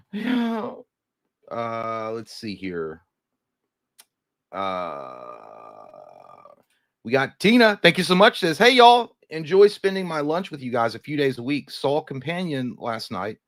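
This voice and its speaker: A man's voice: mid-range voice, unhurried, fairly bright tone, dry recording, studio quality. Rambling man chatting on a live stream. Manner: rambling, trails off and restarts, crude jokes. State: a little hungover. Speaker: co-host of a live movie news stream. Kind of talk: casual live-stream chat, reading viewer comments.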